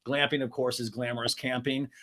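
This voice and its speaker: A man hosting a podcast, recapping a reality show in an animated, gossipy and profane way. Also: mid-range voice, brisk. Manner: animated, gossipy, swears and laughs often. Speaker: podcast host.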